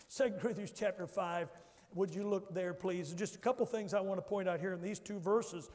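In a church sanctuary full of long reverb, a pastor with a high, slightly mellow voice preaches an emphatic sermon. He calls on the congregation to respond to him.

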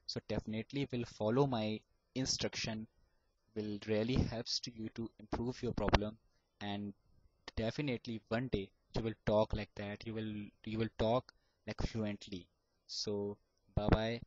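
A man with an Indian English accent talks straight to camera in a low voice, earnest and repetitive. He stretches words out syllable by syllable to demonstrate. The recording is muffled and dry, with no room sound. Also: dry recording. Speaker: vlogger giving advice on stammering. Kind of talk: casual advice talk to camera.

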